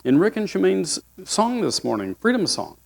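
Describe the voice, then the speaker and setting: A man's voice: sits high, wildly swooping pitch, normal speed, creaky. A male pastor giving a sermon with folksy, humorous storytelling.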